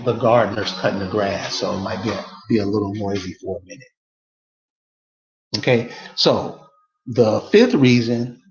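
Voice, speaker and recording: A man's voice: mid-range voice, echoey room, muffled recording. A man delivering a casual, emphatic monologue to his viewers, repeating rhetorical questions over and over. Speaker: online commentator.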